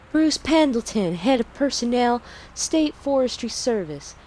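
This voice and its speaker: A Canadian man doing a deliberately bad, swooning Southern belle voice. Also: very high-pitched, big pitch swings, a little mellow, slight background noise, heavily acted, poor audio. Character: swooning Southern belle lady, dramatic and prissy.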